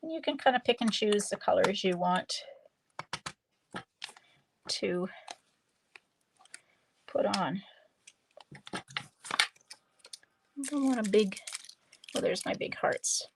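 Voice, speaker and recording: A woman demonstrating card-making on a live stream, chatting slowly and thinking aloud as she works. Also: medium pitch, expressive, a little hiss or hum. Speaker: stamping demonstrator.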